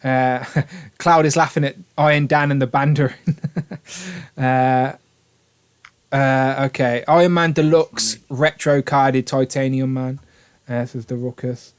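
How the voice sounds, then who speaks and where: A man's voice: medium pitch, fairly even intonation, measured pace, smooth. A man hosting a toy review livestream in casual, jokey chat, laughing often.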